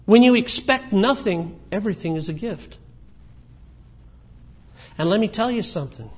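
A man preaching a sermon in a conversational way, moving between emphatic points and quiet asides. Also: high voice, lively intonation, moderate pace, slightly rough. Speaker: pastor.

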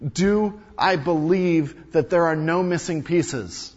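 A male pastor preaching a sermon, emphatic, repeating key lines and swinging between loud and hushed delivery. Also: on the high side, slow pace. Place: large hall or sanctuary. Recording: dull sound with long hall reverb.

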